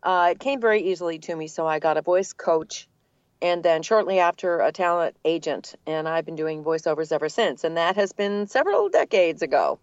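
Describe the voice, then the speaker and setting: Low-voiced older woman voice actor. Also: fairly quick, no echo, muffled recording. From Boston area, United States. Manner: articulate, relaxed storyteller with light laughs. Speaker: guest, voice actor. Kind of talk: conversational interview.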